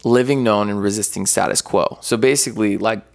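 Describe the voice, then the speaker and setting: Energetic, gravelly-voiced man. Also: on the low side, a little fast. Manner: energetic, rambling, uses slang like bro. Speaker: podcast guest, content creator and worship artist. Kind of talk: casual podcast conversation.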